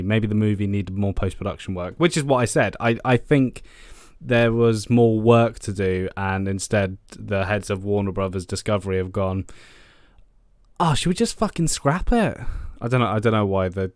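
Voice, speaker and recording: A man's voice: lowish voice, no echo, studio quality. A man, a film news vlogger, ranting in a casual, exasperated way, swearing often and repeating himself.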